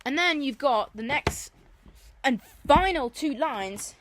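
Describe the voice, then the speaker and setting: A woman's voice: sits high, expressive, slow, background noise. Chatty woman teaching Latin verse. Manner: chatty, enthusiastic, repeats key terms. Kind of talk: informal exam-revision lesson.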